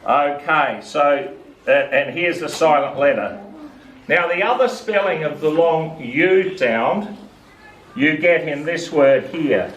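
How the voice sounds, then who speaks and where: A reading teacher whose voice is on the high side and fairly bright takes his time explaining vowel sounds to a student. He asks questions patiently throughout this phonics lesson. The mic sits at a distance in an echoey room, picking up faint hiss.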